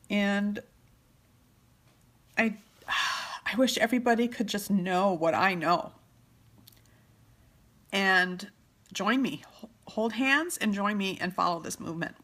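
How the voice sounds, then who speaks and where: Middle-aged woman, live-stream chat, tearful and heartfelt, average pitch, drops soft at times. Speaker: vlogger doing makeup. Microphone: phone or webcam live stream.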